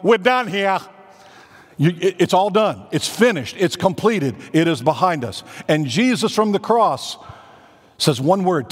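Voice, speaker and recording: Pastor preaching in an echoing sanctuary. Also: male voice, on the high side. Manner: dramatic pauses and emphatic rising declarations. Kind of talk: sermon. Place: church sanctuary. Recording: reverberant church hall.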